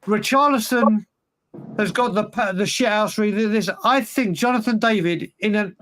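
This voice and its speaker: Male podcast co-host, high pitch, emphatic and rambling. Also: measured pace, fairly bright tone, a little hiss or hum. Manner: rambling, restarts, emphatic opinions. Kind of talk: casual football chat.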